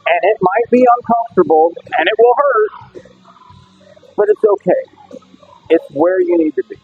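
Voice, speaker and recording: A man giving a blunt, animated Bible talk between lifting sets in a gym, reading scripture aloud. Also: extremely high pitch, moderate pace, vocal fry, breathy edge. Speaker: strongman Bible teacher. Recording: tinny lo-fi phone-like audio with faint music.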